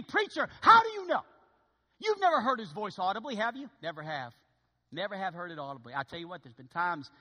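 Male pastor, animated sermon, bright voice, wide swinging pitch. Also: husky, big-room sound. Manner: animated preaching, swinging from loud to hushed. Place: church sanctuary.

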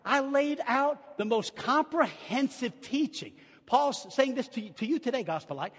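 An older man preaching a sermon in old-timey style, moving between hushed storytelling and shouted exclamations. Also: very high-pitched, lively intonation, normal speed, husky. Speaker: pastor. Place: church sanctuary. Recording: long reverb of a large church hall.

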